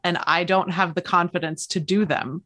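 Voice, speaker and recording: A woman's voice: on the low side, fairly even intonation, moderate pace, a bit bright. A woman sharing her thoughts candidly on a casual podcast about playing tabletop game characters.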